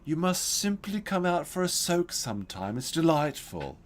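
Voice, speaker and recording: A man voicing a flamboyant old male neighbor who speaks slowly with airy, lilting, elaborate politeness. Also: fairly high pitch, sing-song, voice pushed up. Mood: genteel polite.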